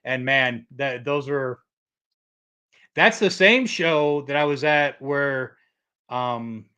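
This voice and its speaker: A man's voice: medium pitch, takes it slowly, pushed and bright, clear, resonant tone. A middle-aged man from Michigan hosting a casual livestream, rambling through stories and reading chat comments aloud. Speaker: livestream host.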